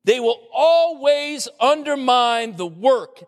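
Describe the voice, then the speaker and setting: A man preaching a sermon with passion, building to shouts at the high points. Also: expressive, slow. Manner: impassioned preaching, rising to shouts, voicing scoffing critics. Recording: long hall reverb.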